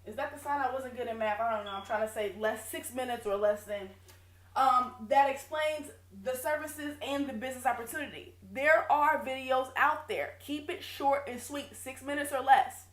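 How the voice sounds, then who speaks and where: A woman's voice: sits high, moderate pace. Emphatic woman business coach, echoey room. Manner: direct, emphatic, self-correcting. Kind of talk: casual online coaching video.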